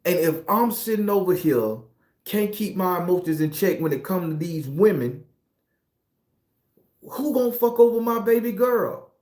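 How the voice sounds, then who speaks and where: A middle-aged tarot reader with a Southern US accent speaks in a high, darkish voice with lively intonation at a moderate pace. His spiritual monologue is preachy, profane, and confessional, recorded in an echoey room.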